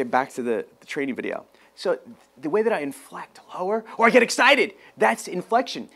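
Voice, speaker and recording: A man giving a motivational sales training talk, with a high-energy, hyped delivery and excited shouts.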